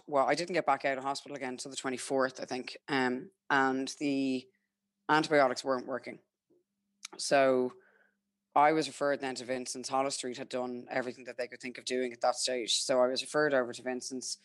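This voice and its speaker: Candidly telling her personal story as a guest, this young Irish woman chats openly and keeps quoting what she and others said. She has a very deep voice. The sound is dry and studio-clean.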